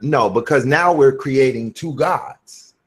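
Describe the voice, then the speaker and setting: A man with a mid-range voice who talks at an unhurried, deliberate pace. He lays out his argument step by step and reads scripture aloud slowly. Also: medium pitch, slightly rough. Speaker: host. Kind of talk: casual religious discussion.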